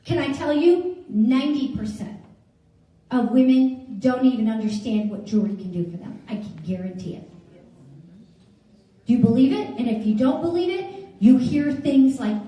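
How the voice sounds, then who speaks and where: A woman's voice: high voice, unhurried, pauses often, dark tone. A middle-aged woman giving a chatty motivational talk to an audience, telling stories and asking the room questions. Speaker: jewelry stylist giving a talk. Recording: echoey hall, speaker far from mic.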